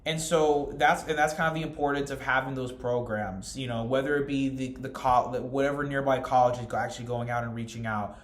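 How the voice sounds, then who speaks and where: A man's voice: medium pitch, fairly quick, hardly any pauses. Young man presenting in an echoey room. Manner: steady, earnest delivery with frequent restarts and fillers. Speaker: student presenter. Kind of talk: class presentation, reading notes then explaining.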